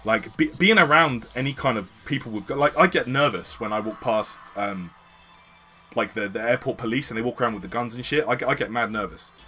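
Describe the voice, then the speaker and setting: Young-sounding British streamer, bright forceful voice, slangy and sweary, spinning a tale over faint music. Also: male voice, medium pitch, a little fast. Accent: British English. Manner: slangy, swearing, animated retelling. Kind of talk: casual storytelling.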